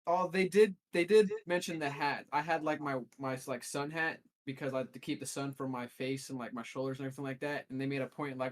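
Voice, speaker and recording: A man's voice: mid-range voice, steady tone, fairly quick, few pauses. A man telling a long, rambling story as a co-host in a casual podcast chat. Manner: rambling storyteller, restarts often.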